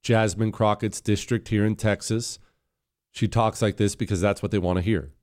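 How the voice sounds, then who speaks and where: A man's voice: on the low side, fairly even intonation, normal speed, a little mellow. A man hosting a political commentary show, talking in a combative, sarcastic and mocking way as he reacts to clips.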